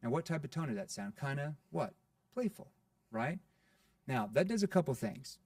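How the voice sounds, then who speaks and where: A man being interviewed on a podcast as a sales coach, talking in an animated way and acting out playful sales lines. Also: fairly high pitch, normal speed, dry recording, studio quality, far from the mic.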